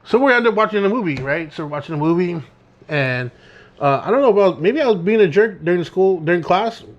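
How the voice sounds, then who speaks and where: A man's voice: high voice, animated, brisk, highs cut off. A young man co-hosting a podcast, telling a school story in casual chat and acting out both sides of the dialogue. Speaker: podcast co-host.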